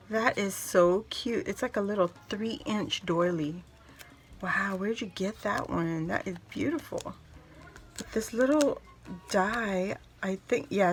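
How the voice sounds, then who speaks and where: A woman crafting host opening birthday mail and gushing excitedly over each card and gift. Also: medium pitch, slight background noise. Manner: gushing, excitable, reads cards aloud. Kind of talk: casual unboxing chat.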